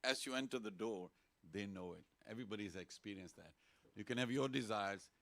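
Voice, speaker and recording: Lively man with a gravelly voice. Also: on the low side, fairly quick. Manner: lively, playful, leads call-and-response chanting. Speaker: temple speaker. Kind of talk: informal sermon to a congregation. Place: temple hall.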